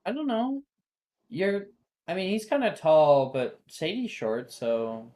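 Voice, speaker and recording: Lively, unhurried woman game master. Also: fairly low pitch. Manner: casual, teasing, laughs between lines. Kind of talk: narrating a tabletop role-playing game.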